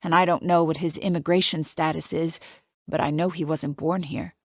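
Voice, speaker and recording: A woman's voice: low-pitched, steady tone, moderate pace, dry recording, studio quality. Woman narrating a tense thriller audiobook. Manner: tense, confiding inner monologue. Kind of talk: first-person present-tense thriller narration.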